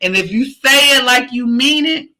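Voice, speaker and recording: A woman's voice: sits high, animated, normal speed, bright, forceful tone, poor audio. A woman hosting a podcast, giving a repetitive, emphatic pep talk in a casual, slangy, sometimes profane way. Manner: emphatic, repetitive, preachy encouragement. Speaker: podcast host. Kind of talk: motivational podcast sign-off.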